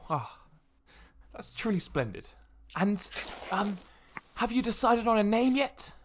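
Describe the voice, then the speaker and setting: Guy putting on a polite old noble, formal and hesitant, lively pitch. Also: measured pace, background noise. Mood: courteous. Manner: formal, courteous phrasing with hesitant ums. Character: polite older male noble, formal and courteous.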